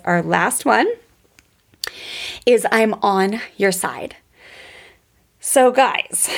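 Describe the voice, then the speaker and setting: A woman's voice: mid-range voice, gravelly. A woman hosting a parenting podcast in a casual, enthusiastic way, often speaking straight to her listeners. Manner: enthusiastic, chatty, addresses listeners as "you guys". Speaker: podcast host and parenting coach.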